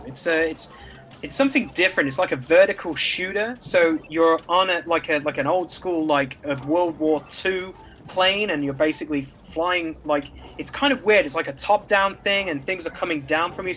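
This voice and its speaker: A chatty arcade owner, voiced by a man, upbeat and full of rambling patter. The voice sits a little higher than ordinary speech. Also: fairly bright tone. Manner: enthusiastic, rambling salesman patter. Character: friendly chatty adult male arcade owner.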